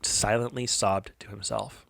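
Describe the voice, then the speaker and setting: A man in his thirties, a podcast co-host, telling a personal parenting story in an earnest, confessional way, with restarts and soft, quiet stretches. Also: on the low side, steady tone, a little slow, creaky, no room sound, clean studio sound.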